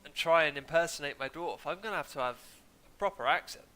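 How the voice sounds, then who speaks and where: A man's voice: fairly high pitch, fairly quick, bright, forceful tone. A young man chatting casually while streaming a game, in a rambling, droning way and sniffling from hay fever. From England. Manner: rambling, chatty, self-deprecating. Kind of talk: casual gaming stream commentary. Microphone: desk mic, muted now and then.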